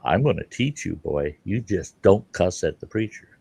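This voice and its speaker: Brief: gruff, scolding pet owner, low voice, lively delivery, done by a male storyteller. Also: normal speed, no room sound, heavily acted. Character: exasperated middle-aged man who buys a parrot.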